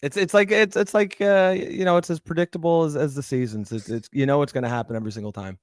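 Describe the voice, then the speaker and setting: A man's voice: a little high, fairly even intonation, fast talker, no room sound. A man co-hosting a casual political chat show, agreeable and hesitant, often restarting his sentences. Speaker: podcast co-host.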